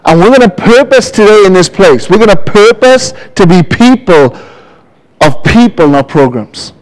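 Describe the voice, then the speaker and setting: Pastor, male, high voice, animated storytelling sermon. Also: moderate pace, poor audio. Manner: lively, animated preaching with storytelling.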